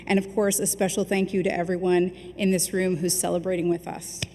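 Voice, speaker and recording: A woman hosting an awards ceremony, speaking warmly with frequent ums as she thanks winners and crew. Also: fairly low pitch, level tone, fairly quick. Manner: warm, chatty, with frequent ums. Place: large hall at an awards ceremony. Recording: reverberant hall with faint noise.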